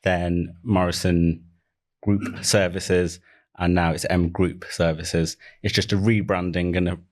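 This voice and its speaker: A man's voice: deep voice, flat delivery, unhurried. A man with a Midlands accent, a guest on a podcast, talking in an easygoing, modest way. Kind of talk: casual interview chat.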